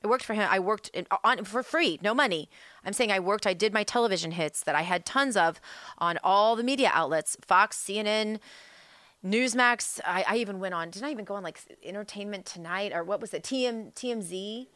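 A woman's voice: mid-range voice, fairly quick, a bit bright, no room sound, clean studio sound. A woman hosting a political talk show, delivering a fired-up, emphatic monologue that is full of rhetorical questions. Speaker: political commentary host.

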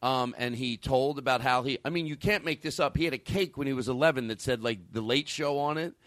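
A male podcast host rambles through stories in casual chat, swearing freely and restarting his sentences often. His mid-range voice is brisk and a bit bright, with no echo. He's on a studio mic, with a caller on the line.

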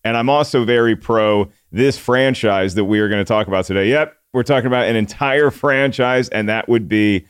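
A man's voice: mid-range voice, moderate pace, few pauses, clear, resonant tone, no echo, clean studio sound. A man hosting a film podcast, chatting casually and introducing the guest with playful puns. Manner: upbeat, playful host patter with puns. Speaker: podcast host.

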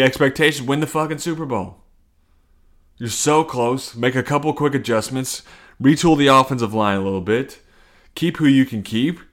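Rambling, profane male podcast host. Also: medium pitch. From Cincinnati. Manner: rambling, profane, self-interrupting. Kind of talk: casual solo podcast rant.

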